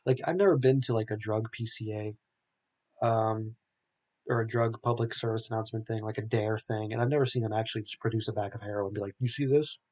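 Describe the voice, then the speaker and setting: A man's voice: on the low side, flat delivery, a little fast, darkish tone. A young man hosting a podcast, recapping a film in a rambling, casual way full of filler words. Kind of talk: casual chat.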